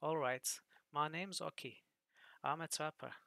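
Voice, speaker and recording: A man voicing a wary, gruff male trapper, reading a game's dialogue aloud. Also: a little high, unhurried, sharp tone, no echo, pitched above the performer's own voice, full character voice.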